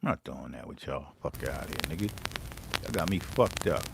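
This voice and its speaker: A man's voice: extremely low pitch, a little fast, gravelly, very noisy. A man chatting casually while making beats live, rambling and profane. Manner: profane, rambling, animated storyteller. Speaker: beatmaker streaming live.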